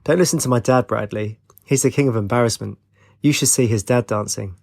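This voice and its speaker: A man's voice: mid-range voice, brisk, gravelly, a little mellow. A man voicing a tired young woman student in an audiobook, teasing and lightly sarcastic.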